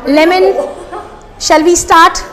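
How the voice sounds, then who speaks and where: A woman's voice: extremely high pitch, fairly even intonation, slow. A woman hosting a casual food vlog in a restaurant, explaining each dish with many fillers and asides. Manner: explains dishes with many fillers, switching to Hindi. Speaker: food vlogger host.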